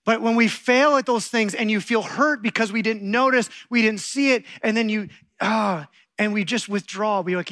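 A man's voice: high voice, moderate pace. A middle-aged man preaching a sermon, telling stories and acting out quotes with animation. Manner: animated storytelling, acts out quotes.

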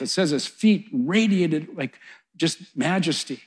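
A man's voice: fairly high pitch, lively intonation, slow. Fervent middle-aged preacher man. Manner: builds to loud, fervent peaks, then drops soft. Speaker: pastor. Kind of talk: sermon.

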